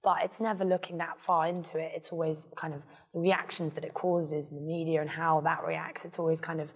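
A woman's voice: deep voice, little pitch movement, brisk, slightly rough, long reverb tail. A woman in her twenties, the guest in a casual interview, rambling with lots of fillers. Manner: rambling, filler-heavy, self-deprecating.

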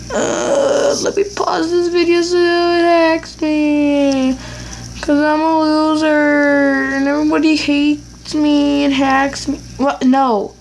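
A woman's voice: high-pitched, darkish tone, a little hiss or hum, poor audio. A woman giving casual gameplay commentary for her channel, rambling and blunt as she talks to herself. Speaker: gaming YouTuber.

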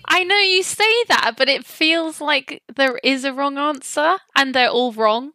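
A woman's voice: high-pitched, a little slow, sharp tone, no room sound. A woman, a guest on a podcast, chatting casually, giggling and teasing herself. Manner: giggly, self-deprecating.

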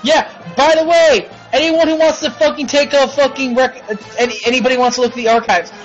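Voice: high-pitched, level tone, fairly quick, soft background music. A host of a simulated wrestling show, swearing and ranting in frustration while commentating on play. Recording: dull lo-fi recording.

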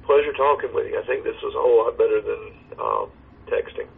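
A man who is a pastor, talking earnestly and in a measured way over a call, heard through a phone line. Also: medium pitch, gravelly, husky. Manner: earnest, measured, reciting a hymn slowly. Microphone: phone or video call. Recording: tinny phone line with faint noise.

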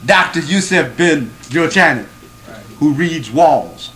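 Male lecturer, higher voice, emphatic, asks the room questions, repeats for stress. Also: animated, takes it slowly, heavy background noise. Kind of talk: classroom lecture to a live audience.

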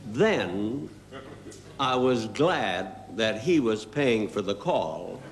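A man telling a slow, deadpan comic story as a guest comedian on a TV variety show, full of pauses and asides. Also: on the low side, gravelly. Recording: hissy 1970s TV broadcast recording.

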